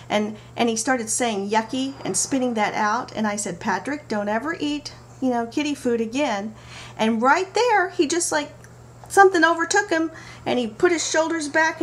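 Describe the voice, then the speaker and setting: A middle-aged woman talking to camera about parenting, telling stories in an animated way with playful asides. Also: high-pitched. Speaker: parenting vlogger. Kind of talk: casual talk to camera. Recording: faint background noise.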